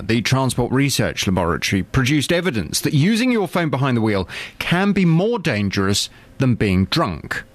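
Earnest, animated radio presenter man. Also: medium pitch, no room sound. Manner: earnest, persuasive, emphatic. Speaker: phone-in presenter. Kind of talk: radio trail and chat. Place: radio studio.

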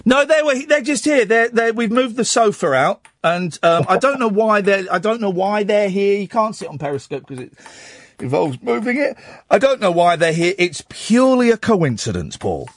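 A man hosts a late-night radio phone-in, his voice sitting high and swinging widely as he teases and needles callers. The sound is close and dry on a studio microphone. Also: normal speed, no echo. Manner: animated, teasing and sarcastic. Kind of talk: casual phone-in banter.

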